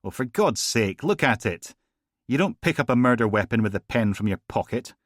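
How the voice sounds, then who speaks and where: Narrator as a tired gruff cop, blunt and fed up, dry close audiobook sound. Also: male voice, medium pitch, animated, moderate pace, dry recording, pitched above the performer's own voice, close to an everyday voice. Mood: exasperated. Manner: exasperated, blunt. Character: weary gruff male detective, irritable. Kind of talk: audiobook reading.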